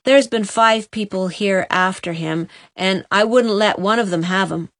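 Give me a sad, gruff country boy, read by a woman, speaking dully and hoarsely in a storybook. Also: mid-range voice, unhurried, fairly bright tone, no echo, clean studio sound. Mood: bitter. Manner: dull, hoarse, holding back tears.

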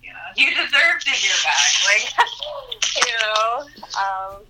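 A woman's voice: medium pitch, big pitch swings, measured pace, background noise. A woman in casual chat over the phone, encouraging and supportive, with lots of "like" and "okay.". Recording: tinny phone line.

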